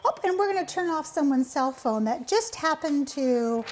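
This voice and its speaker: A woman's voice: high voice, expressive, moderate pace, darkish tone, a little hiss or hum. Bubbly woman hosting a studio talk show. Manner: bubbly, playful, teasing. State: runny nose from allergies. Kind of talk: chatty studio interview.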